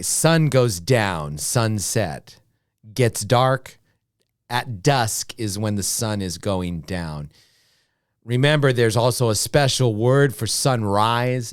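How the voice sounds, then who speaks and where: An American man teaching a beginner English lesson, repeating each word slowly and punctuating everything with "okay". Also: lowish voice, smooth, no echo, studio quality. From United States. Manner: drills words slowly, repeating each one with many "okay"s.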